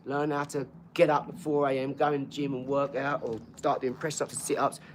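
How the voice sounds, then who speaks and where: A man's voice: mid-range voice, flat delivery, a little fast, a little hiss or hum. A man hosting a casual livestream, rambling between topics, swearing freely and answering viewers' comments. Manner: talks to viewers' comments directly. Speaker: livestream host.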